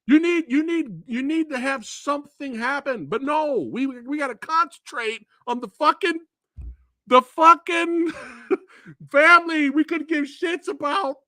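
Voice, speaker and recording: A man's voice: very high-pitched, no echo, clean studio sound. A man hosting a live stream, reviewing a film in a profane, exasperated rant. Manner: profane, animated, exasperated ranting. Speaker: movie reviewer host.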